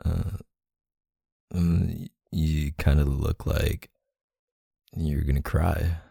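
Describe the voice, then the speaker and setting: A man speaking softly and closely in an intimate audio role-play, murmuring like a partner. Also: a bass voice, fairly even intonation, very slow, gravelly, slightly rough, no echo, clean studio sound.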